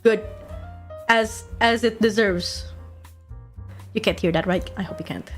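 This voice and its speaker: Young woman streamer, excitable and giggly, casual chat, low music bed. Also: measured pace. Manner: giggly, excitable, swears casually, repeats quotes.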